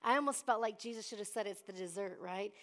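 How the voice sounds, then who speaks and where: A woman's voice: mid-range voice, fast. A middle-aged woman pastor preaching a sermon, calling out to the congregation and acting out voices from the story. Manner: preachy call-and-response, acts out Bible voices.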